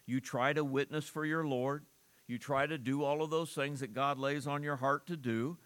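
A man's voice: on the high side, fairly bright tone. Man preaching an earnest sermon. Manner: earnest preaching with rhetorical questions and frequent restarts. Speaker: pastor.

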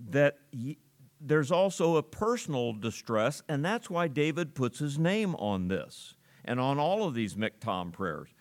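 A man delivering a sermon, his voice sitting at an ordinary middle pitch. He reads scripture with slow, weighty emphasis, then eases into plain conversational explanation for his congregation. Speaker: pastor.

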